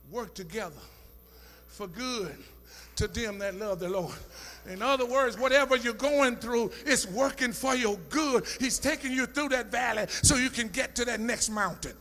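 A male pastor preaching a sermon, his voice high and ringing, lifting from talk into shouted and half-sung lines with a call-and-response rhythm. The sound is bright and edged. His words echo through a church sanctuary with a long reverb tail.

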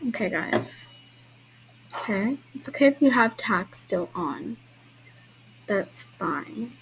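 A woman's voice: medium pitch, animated, takes it slowly, gravelly, a little hiss or hum, low-quality recording. Chatty young woman narrating gameplay. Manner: chatty, giggly, apologetic asides to viewers. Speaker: game vlogger hosting a trail ride. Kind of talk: casual gameplay commentary.

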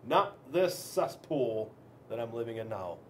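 A man, a police officer, reading a children's storybook aloud in an expressive, dramatic way with big swings in loudness. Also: mid-range voice, a little slow, a little hiss or hum.

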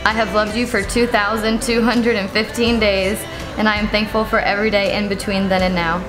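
A woman's voice: medium pitch, little pitch movement, a little fast. A young woman in her twenties, a bride, reading a heartfelt letter to her groom in a sincere way. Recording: with music playing over it.

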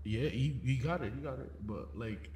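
A man's voice: medium pitch, normal speed, darkish tone. A young man co-hosting a podcast, telling stories in a loose, slangy, laughing way. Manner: laid-back storytelling, slangy, laughs often. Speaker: podcast co-host. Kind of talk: casual chat.

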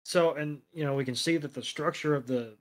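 رجل ساخر يشتم بحرية. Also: male voice, a little high, fairly quick. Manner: sardonic, swears freely. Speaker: podcast co-host. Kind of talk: casual recap chat.

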